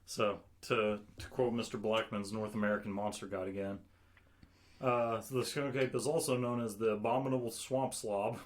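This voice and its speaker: Relaxed man telling cryptid lore. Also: lowish voice, normal speed, slight background noise. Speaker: podcast co-host. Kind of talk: casual chat.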